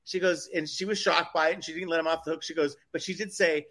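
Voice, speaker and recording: Bright-voiced chatty man. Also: fairly high pitch, fairly even intonation, fast, few pauses. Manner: rambling, indignant commentary with many restarts. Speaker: co-host. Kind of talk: casual chat.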